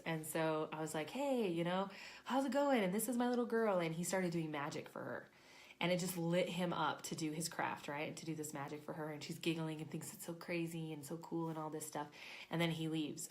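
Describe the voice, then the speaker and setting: A woman in her thirties, an intuition coach, telling a personal story in a chatty, animated way and acting out her own thoughts. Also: sits low. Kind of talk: casual storytelling to camera.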